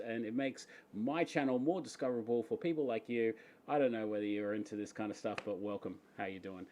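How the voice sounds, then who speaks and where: A chatty Australian man runs a casual live-stream Q&A from a room in his home. He speaks at an ordinary, mid-range pitch, greeting viewers by name and laughing easily between remarks. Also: a little mellow.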